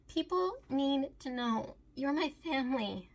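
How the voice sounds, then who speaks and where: A woman's voice: on the high side, fairly even intonation, unhurried, fairly bright tone. A woman speaking in an earnest, pleading monologue, recounting a painful family moment as a recovery advocate. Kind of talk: emotional personal monologue.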